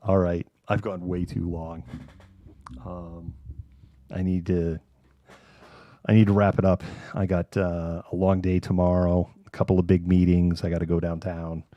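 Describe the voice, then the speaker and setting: A man's voice: low voice, flat delivery, unhurried, dry recording, highs cut off. A man hosting a casual live news chat, sardonic and rambling. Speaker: host.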